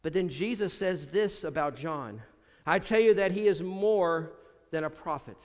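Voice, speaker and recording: A man preaching a sermon as pastor, often dropping low and quiet to stress a point. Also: measured pace, big-room sound.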